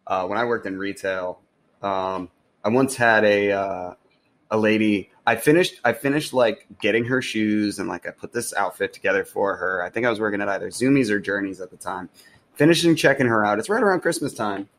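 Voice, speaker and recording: A man's voice: lowish voice, normal speed, fairly bright tone. A young man co-hosting a podcast, laid-back and profane, agreeing with short replies and telling job stories. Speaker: podcast co-host. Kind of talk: casual chat.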